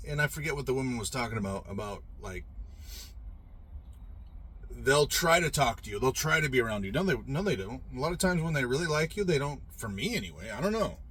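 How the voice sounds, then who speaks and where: A man's voice: medium pitch, sing-song, brisk, a bit bright, slightly rough. A middle-aged man telling a personal story in a rambling, profane, emphatic way, with frequent restarts. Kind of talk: casual storytelling monologue.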